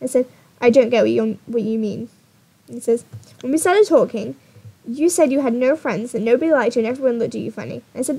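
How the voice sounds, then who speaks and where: A woman's voice: on the high side, brisk, vocal fry, dark tone, breathy edge. A young woman YouTuber telling a dating story in a casual, exasperated vlog style, often laughing.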